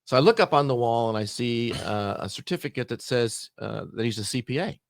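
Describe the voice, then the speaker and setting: A middle-aged man, a guest on a podcast, tells a work story in casual conversation, animatedly acting out both sides of the dialogue. His mid-range voice moves fairly quickly with some vocal fry. The studio sound is clean, with no echo.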